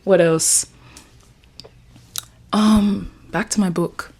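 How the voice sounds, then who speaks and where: A woman's voice: mid-range voice, fairly even intonation, drawn-out words, darkish tone, husky. A woman in her twenties chatting alone in her room, rambling and playful as she talks about her writing. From Jamaica. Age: 20s. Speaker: vlogger. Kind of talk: casual chat vlog.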